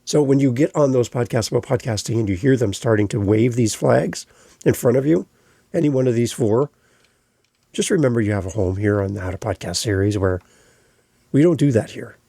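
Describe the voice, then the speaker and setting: Gravelly-voiced man hosting a podcast. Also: mid-range voice, fairly quick, mellow, dry recording, studio quality. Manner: emphatic, repeats phrases for stress. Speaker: podcast host. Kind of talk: solo podcast monologue.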